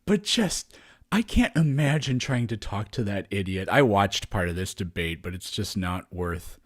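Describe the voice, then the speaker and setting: A man's voice: on the low side, expressive, normal speed. A man co-hosting a podcast, chatting casually and with amusement, often trailing off and restarting his sentences. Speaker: podcast co-host. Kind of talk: casual chat.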